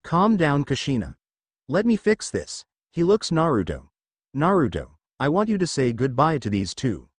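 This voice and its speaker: A worried father figure who pleads with his estranged son, read by a man. The delivery is earnest and the pitch moves around freely. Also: wildly swooping pitch, normal speed, no echo. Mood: pleading. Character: worried father and village leader.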